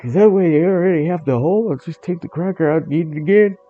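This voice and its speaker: A man putting on a high, whiny male cat, far above his own register, loud and insistent as it begs nonstop for crackers. The cat sounds dim and single-minded. The recording is slightly dull and lo-fi. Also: quick pace, natural voice. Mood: whiny, pleading.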